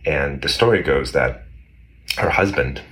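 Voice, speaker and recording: A man's voice: a bass voice, lively intonation, a little slow, a bit bright. A man casually telling a history story in conversation, rambling with many restarts. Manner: rambling, many restarts, acts out quoted voices. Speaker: guest explaining history.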